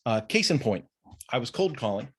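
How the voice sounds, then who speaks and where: A man's voice: medium pitch, sing-song, normal speed, slightly rough. A man hosting a business talk, recorded over a video call, chatting casually and telling a story with lots of restarts. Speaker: business podcast host.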